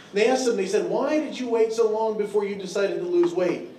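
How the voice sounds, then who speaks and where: A man's voice: high-pitched, fairly quick, warm tone. A man from Tennessee, doing a stand-up comedy set in a drawling, storytelling way with lots of fillers. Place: comedy club stage. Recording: echoey room from a distance.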